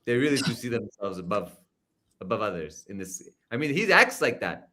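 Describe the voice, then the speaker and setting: A man giving casual political commentary over a video call, animated and full of fillers. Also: fairly low pitch, normal speed. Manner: animated, filler-heavy, loud mimicking outbursts.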